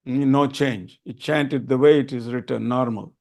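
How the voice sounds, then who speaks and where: An older man from Tamil Nadu, India, teaches a group how to chant, earnestly repeating his key points. His medium-pitched voice holds a steady tone at a moderate pace, creaky and a little mellow.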